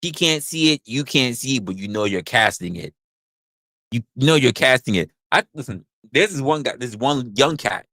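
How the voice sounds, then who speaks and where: A man's voice: mid-range voice, lively intonation, moderate pace, no room sound. Guy ranting on a livestream, crude jokey rambling, dry close sound. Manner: loud, rambling, crude and joking, repeats himself. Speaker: livestream host. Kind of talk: casual livestream talk.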